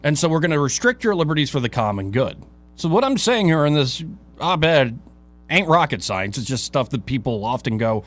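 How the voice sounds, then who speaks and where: A male talk show host reading his own opinion piece aloud in an emphatic, rhetorical way, with dramatic pauses and casual asides. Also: a little high, very animated.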